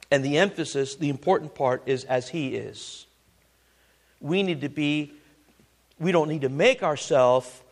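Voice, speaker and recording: A man preaching a sermon. He reads scripture slowly, asks his listeners rhetorical questions and builds to loud, emphatic exhortation. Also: on the high side.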